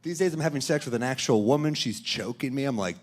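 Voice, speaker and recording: A man performing stand-up comedy on a club stage into a handheld mic, with a dry, deadpan delivery. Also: medium pitch, fast talker, background noise. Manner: deadpan, dry delivery, talking back to a heckler. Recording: live club recording, laughing crowd.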